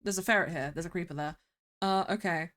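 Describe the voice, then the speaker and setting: A woman's voice: on the low side, fast, a bit bright. A woman streaming a game, chatting casually, thinking aloud and laughing often.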